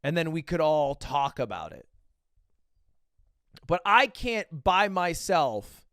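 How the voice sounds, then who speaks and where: A man's voice: a little high, takes it slowly, long pauses, clean tone, dry recording, clean studio sound. A man streaming live, chatting casually and reacting to videos with profane jokes. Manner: animated, profane, joking.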